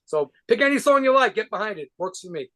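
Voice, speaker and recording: High-voiced New rocker rambling. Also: male voice, expressive, fast talker, a bit bright. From New York. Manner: rambling, profane, with frequent restarts and laughs. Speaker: guitarist and band leader being interviewed. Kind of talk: casual interview.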